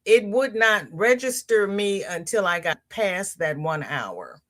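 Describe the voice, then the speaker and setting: A woman hosts a crochet livestream at an unhurried, leisurely pace, her voice sitting at an ordinary middle pitch. She chats casually, welcomes viewers one by one by name and reads their comments aloud. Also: lively intonation, a bit bright. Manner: leisurely, chatty, with pitch jumps on greetings.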